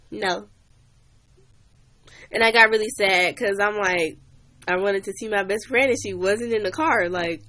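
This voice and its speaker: A woman's voice: on the high side, bright, forceful tone. A young woman chatting on a livestream, animatedly telling a story and greeting new viewers. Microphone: webcam or phone mic.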